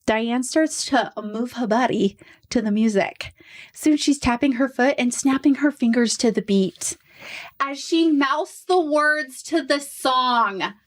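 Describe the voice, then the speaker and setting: A woman hosting a podcast, telling a true crime story in a casual, animated way with quick asides. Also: high-pitched.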